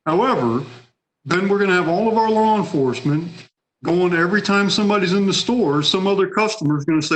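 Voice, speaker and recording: At a public policy meeting, a man with a high-sitting voice talks fairly quickly in a conversational, hedging way, acting out what others might say. The audio is of poor quality.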